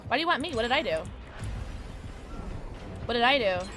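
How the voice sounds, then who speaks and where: A woman streamer chatting casually during a gameplay livestream, reacting loudly and reading chat aloud. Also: a little high, normal speed, over loud music. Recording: steady background noise.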